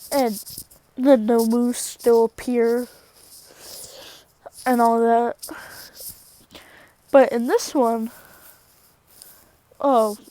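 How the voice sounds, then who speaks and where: A woman's voice: on the high side, dark tone. A woman casually retelling a fan story in a rambling way, often correcting herself.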